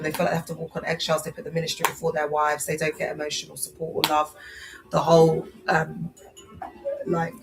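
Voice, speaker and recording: A woman's voice: deep voice, low-quality recording. A woman in her thirties, unwell, chatting loosely on a live stream about faith, with many fillers. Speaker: livestream host.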